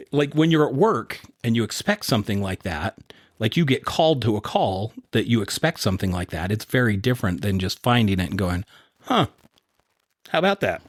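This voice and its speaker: A middle-aged man co-hosting a podcast in casual chat, jokey and animated. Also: lowish voice, moderate pace, no room sound, studio quality. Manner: animated, jokey, puts on playful voices. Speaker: podcast co-host.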